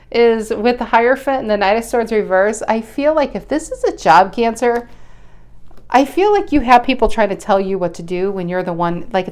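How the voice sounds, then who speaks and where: A woman giving a casual tarot reading with a smooth, resonant voice. She talks bluntly and chattily to her viewers, swears offhandedly, and often breaks off to restart her sentences. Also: on the high side, darkish tone. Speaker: tarot reader.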